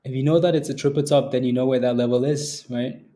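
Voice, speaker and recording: This young adult stock trading streamer has a mellow, steady, medium-pitched voice and a quick pace. He reads his chat casually, teasing viewers, repeating phrases and laughing a lot.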